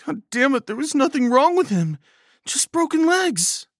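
A woman's voice: lowish voice, huge pitch swings, moderate pace, breathy edge, no echo, studio quality, voice pushed up, exaggerated voice. A man voicing Nancy, a tough young woman survivor who talks bluntly and swears, in a horror audio story. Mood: grieving. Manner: blunt, swearing, then grieving.

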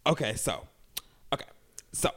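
A man's voice: measured pace, fairly bright tone. A young man co-hosting a podcast, chatting casually and teasing his partner playfully. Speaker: podcast co-host. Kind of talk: casual chat.

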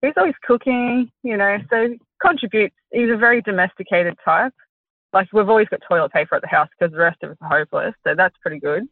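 A woman's voice: medium pitch, quick pace, no room sound. An Australian woman in her thirties calling in, chatty and rambling with frequent giggles. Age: 30s. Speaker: caller. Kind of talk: casual phone-in chat. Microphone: phone call. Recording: tinny phone line.

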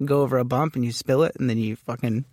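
A man's voice: mid-range voice, fairly even intonation, quick pace, darkish tone, no room sound, studio quality. A man from New City, co-hosting a comedy podcast, crude and joking. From New York City. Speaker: podcast co-host. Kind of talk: casual comedy chat.

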